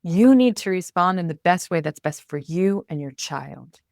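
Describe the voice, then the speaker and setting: An expressive woman speaking as a coach in a conversational interview. Her voice sits low, with a noticeable gravelly fry. She is recorded in a dry, close space with no room echo. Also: normal speed. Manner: animated and expressive, acts out inner self-talk. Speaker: podcast guest, communication coach.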